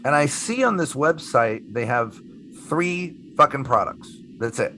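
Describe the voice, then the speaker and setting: Bright-voiced man telling animated stories. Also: mid-range voice, measured pace, slight background noise. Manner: animated storyteller who acts out quotes, swears casually. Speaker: magician guest. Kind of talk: casual storytelling interview.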